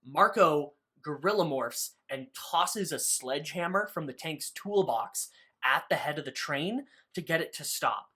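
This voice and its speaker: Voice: medium pitch, expressive, unhurried, pushed and bright, breathy edge. A podcast co-host recapping a book in casual chat, loose and profane, full of "like" fillers.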